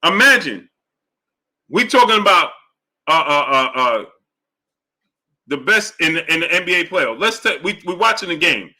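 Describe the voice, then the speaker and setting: Bright-voiced argumentative man streaming. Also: normal speed, long pauses. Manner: animated, argumentative, repeats points; drops low and soft for chat shout-outs. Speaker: boxing show host. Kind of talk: live-stream commentary reading chat.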